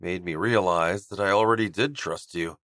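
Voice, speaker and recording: A man voicing a guarded young male hockey player in an audiobook, speaking quietly and haltingly in a slightly raspy voice. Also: no echo, studio quality. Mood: tender. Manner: quiet, low, halting confession. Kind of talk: audiobook character voice.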